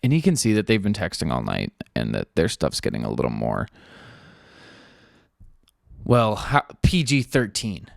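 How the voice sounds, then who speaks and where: A young man hosts a podcast in casual, rambling talk, loaded with fillers and swearing. His voice sits slightly low. The recording is dry and close, with no room sound. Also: moderate pace, gravelly, long pauses, no room sound. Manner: loose, rambling, lots of fillers and profanity; acts out quoted people in a flat offhand voice. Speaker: podcast host. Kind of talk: casual storytelling chat.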